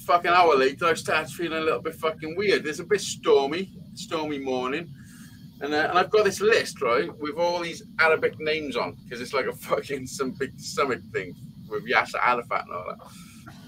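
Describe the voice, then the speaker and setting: A man's voice: on the high side, normal speed, bright, forceful tone, slight background noise, low-quality recording. A man telling long, rambling anecdotes in casual chat, swearing constantly. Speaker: live show chat participant. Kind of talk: casual profane storytelling.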